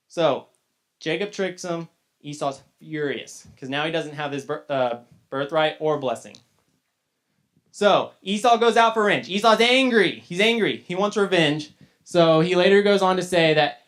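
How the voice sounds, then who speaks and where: A man's voice: on the high side, moderate pace, fairly bright tone. A man teaching a casual Bible lesson to young people, retelling the story loosely with chatty asides. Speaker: youth teacher.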